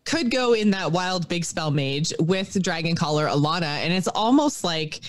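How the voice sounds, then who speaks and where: A woman co-hosting a podcast in casual chat, excitable and laughing often, with lots of fillers. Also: lowish voice, moderate pace, no room sound. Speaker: podcast co-host.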